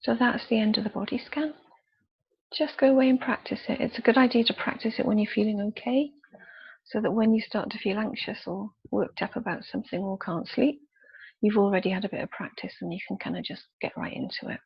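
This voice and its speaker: A woman leading a guided body scan meditation with slow, soft, calm instructions and pauses. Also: medium pitch, creaky, breathy edge, highs cut off. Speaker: youth worker leading a relaxation exercise.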